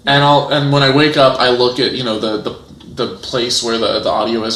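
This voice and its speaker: A man's voice: mid-range voice, brisk, slight background noise. Chatty man, roomy echo. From United States. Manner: animated storytelling, many restarts and fillers. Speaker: guest. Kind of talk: casual interview chat.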